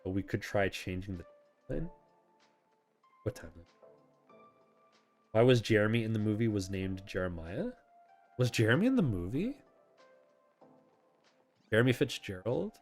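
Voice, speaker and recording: Male host, casual Q&A stream, low voice with lively swings, rambling and quick to laugh, faint music behind. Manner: chatty, rambling, self-correcting, laughs often. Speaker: channel host answering viewer questions. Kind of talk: casual live chat.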